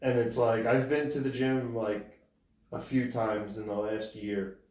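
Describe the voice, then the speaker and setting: A man's voice: medium pitch, level tone, a little slow, darkish tone. A man co-hosting a podcast, telling stories in a laid-back, casual way and swearing freely. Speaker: podcast co-host. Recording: echoey room.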